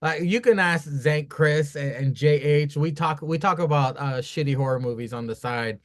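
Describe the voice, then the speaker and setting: A man co-hosting a casual wrestling review podcast, talking in a profane, animated, rambling way. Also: on the high side, normal speed. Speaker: podcast co-host.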